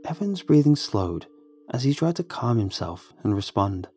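A man narrates a horror story in a dark, mellow voice with a husky edge. His delivery is measured and tense, and it sits fairly low. Faint music plays under the reading. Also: very animated.

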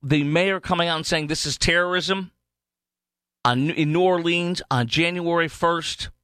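A man's voice: on the high side, moderate pace, fairly bright tone, clean tone, dry recording. A man hosting a political talk show, delivering a heated, rambling monologue full of restarts and fillers. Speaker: talk radio host.

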